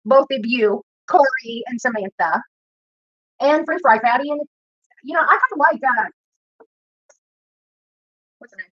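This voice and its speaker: A woman YouTuber cooks at home in her kitchen while ranting on a livestream, rambling, swearing and picking fights. She has a high voice and an unhurried delivery with frequent pauses. The audio is dry and has a dull, lo-fi quality.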